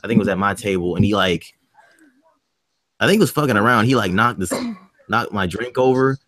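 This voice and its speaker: A man's voice: fairly low pitch, brisk, no room sound. A man on a podcast panel telling a profane story in casual chat, acting out the lines of everyone in it. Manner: animated, profane, acts out quoted dialogue.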